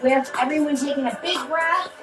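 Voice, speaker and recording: A woman hosting a wellness session, giving a playful, rambling closing talk full of fillers and sudden mock shouts. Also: high voice, a little fast, rough recording. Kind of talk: chatty closing talk to an audience. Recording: music playing behind.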